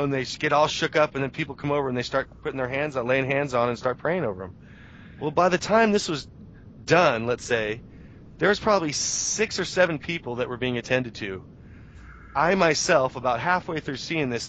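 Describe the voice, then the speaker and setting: A journalist in his thirties is the guest on a casual radio interview, telling stories animatedly with restarts and bits of self-talk. His voice is mid-pitched, and the radio audio is dull, muffled, and lo-fi with a faint hiss.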